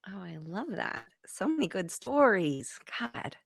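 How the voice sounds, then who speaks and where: A woman's voice: mid-range voice, big pitch swings, measured pace, gravelly, breathy edge. A woman hosting a podcast, thanking her guest in an effusive, gushing way. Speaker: podcast host. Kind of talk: casual interview chat.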